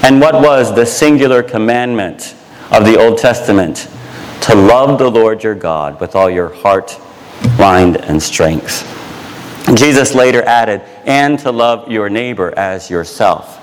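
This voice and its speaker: Slow, deliberate male preacher in a hall. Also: on the low side, slight background noise. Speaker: pastor. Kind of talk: sermon.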